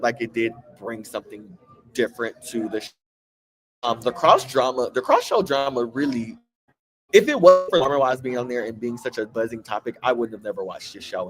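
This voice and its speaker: A man with a Southern US country twang hosting a casual, gossipy chat full of sassy asides. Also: medium pitch. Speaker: host.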